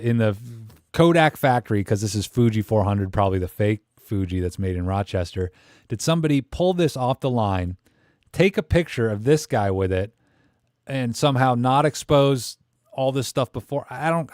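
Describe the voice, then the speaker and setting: A man's voice: mid-range voice, darkish tone, no echo, studio quality. A man hosting a live camera stream, rambling and joking as he reads chat comments aloud.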